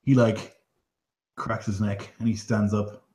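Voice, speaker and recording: A man narrates a tabletop game as its game master, in a loose, casual style full of fillers. His voice sits a little low. The room around him sounds echoey. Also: little pitch movement, a little slow, darkish tone.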